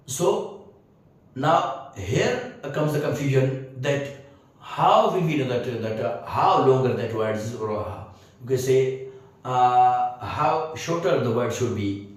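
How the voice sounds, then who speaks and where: A man teaching English grammar, hesitant with many fillers, often repeating phrases, spelling words out letter by letter and checking whether the class has understood. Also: medium pitch. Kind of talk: spoken grammar lesson. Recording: very echoey room, distant mic.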